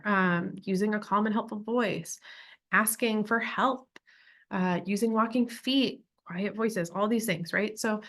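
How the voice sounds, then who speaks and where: A woman's voice: medium pitch, fairly bright tone. Upbeat American woman teaching parents. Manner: upbeat, conversational, acts out quick parent and child voices. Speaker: parent educator. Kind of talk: parenting workshop presentation.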